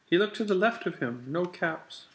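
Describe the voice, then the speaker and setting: A man reading a children's picture book aloud with a slow, deliberate, repetitive storytelling cadence. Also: high-pitched, lively intonation.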